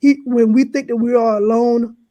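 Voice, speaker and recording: Woman coach, a bit high, preachy and fervent, dry sound. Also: steady tone, normal speed, mellow, no echo. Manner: fervent, repeats "right?" to the listeners. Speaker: life coach. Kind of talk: preaching-style podcast talk.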